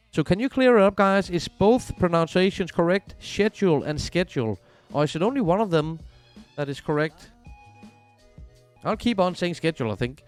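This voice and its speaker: A man's voice: on the high side, lively intonation, brisk, smooth, faint music behind. Chatty man streaming a football game. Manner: chatty, reads viewer messages aloud. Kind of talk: casual game livestream chat.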